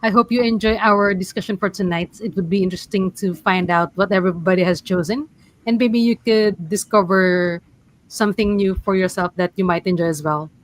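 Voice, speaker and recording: A woman's voice: medium pitch, steady tone, brisk, no echo, poor audio. A woman serving as show captain on a gaming panel, welcoming viewers politely. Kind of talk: casual panel chat.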